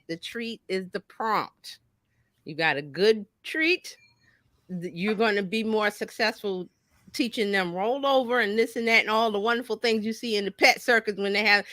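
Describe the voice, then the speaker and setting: Bright-voiced woman coach, lively and folksy. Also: a little high, no echo. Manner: lively, folksy, acts out little quoted voices. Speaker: marketing coach. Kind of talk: casual talk-show chat.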